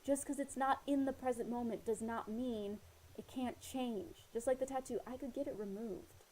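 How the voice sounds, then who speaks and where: Mellow-voiced woman sharing personal advice. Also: on the high side, steady tone, moderate pace, a little hiss or hum, rough recording. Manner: earnest, rambling, many fillers and retold dialogue. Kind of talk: casual personal talk to camera. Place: living in Australia.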